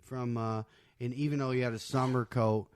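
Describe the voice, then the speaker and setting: A man's voice: medium pitch, steady tone, normal speed, darkish tone, a little hiss or hum. A man hosting a podcast, chatting casually and telling stories in a laid-back way. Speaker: podcast host. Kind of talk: casual chat.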